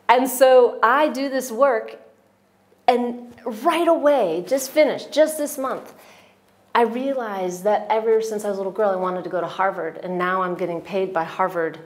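A woman's voice: fairly high pitch, normal speed. A woman giving an emotional personal testimonial at a retreat, telling her story with many restarts and quoted voices. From United States.

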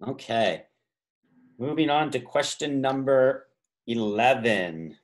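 A man's voice: mid-range voice, animated. Man hosting a trivia quiz on a video call. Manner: reads multiple-choice options slowly, stretching key words; chatty asides and self-corrections. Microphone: video call microphone.

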